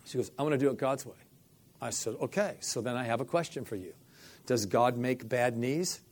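A middle-aged male minister tells a story during an interview, acting out the dialogue with animation and repeating "I said" often. His voice is mid-range and his speed is normal.

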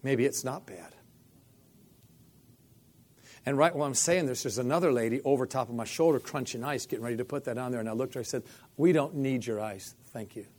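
Middle-aged man, storyteller, acts out every line of dialogue, mid-pitched voice. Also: racing, few pauses. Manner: animated storyteller, acts out quoted dialogue, repeats "I said". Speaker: faith healing minister telling a story. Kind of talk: storytelling interview.

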